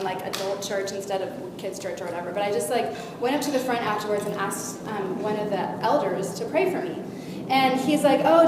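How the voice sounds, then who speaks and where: A woman animatedly telling a personal faith story to a young audience as a guest speaker. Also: mid-range voice. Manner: animated storytelling with lively shifts in loudness. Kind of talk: personal testimony to a youth audience. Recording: echoey hall, faint noise.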